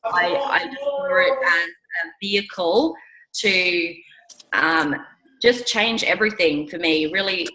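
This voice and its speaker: A woman with a husky morning voice, a little sick, giving an upbeat, chatty talk as a guest speaker on a conference call and often asking her listeners questions. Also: fairly low pitch, big pitch swings, slow, bright, forceful tone, a little hiss or hum, rough recording.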